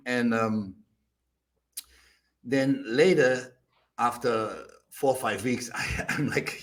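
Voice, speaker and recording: An older man with a German accent, a bodybuilder guest telling animated stories, acting out quotes with loud bursts and laughter. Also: mid-range voice, extremely slow, pauses often. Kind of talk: animated storytelling.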